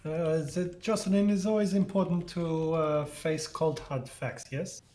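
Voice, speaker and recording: A man's voice: fairly high pitch, measured pace, darkish tone. A man playing a tabletop game, speaking in character in a formal, lecturing way with hesitant fillers. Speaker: player.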